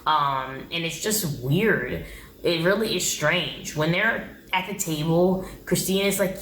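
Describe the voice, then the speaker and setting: A woman's voice: low-pitched, a little slow, fairly bright tone, a little hiss or hum. Blunt woman reviewer, echoey room. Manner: blunt, opinionated, exasperated commentary. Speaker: TV show reviewer. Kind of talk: casual recap vlog.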